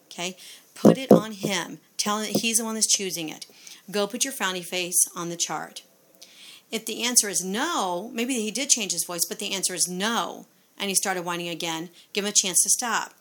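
A woman's voice: medium pitch, moderate pace, sharp tone. A woman giving parenting advice in a casual instructional talk, conversational, with frequent fillers and rhetorical questions.

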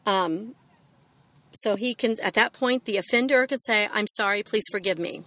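A woman's voice: medium pitch, normal speed, a bit bright. A middle-aged woman giving a parenting talk, earnest and full of fillers and restarts. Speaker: parenting speaker.

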